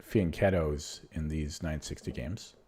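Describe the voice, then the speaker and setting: A man with a very deep voice talks unhurriedly over a noisy background as he streams online chess. He rambles casually, pokes fun at himself, and murmurs moves half to himself.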